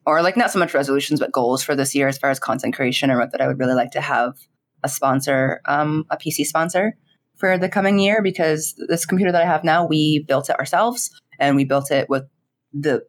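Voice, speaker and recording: A young woman, a streamer, chatting in an interview in a giggly, animated way, full of fillers and quoted dialogue. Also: low voice, a little fast. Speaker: streamer and content creator. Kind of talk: casual interview chat.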